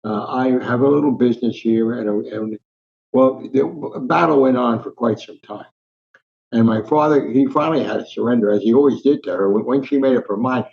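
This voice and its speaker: A man's voice: mid-range voice, normal speed, gravelly, dull audio. Elderly New man spinning yarns. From Newark, New Jersey. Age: 90s. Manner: animated anecdotal storyteller, acts out voices. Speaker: guest, sports columnist. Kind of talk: storytelling in an interview.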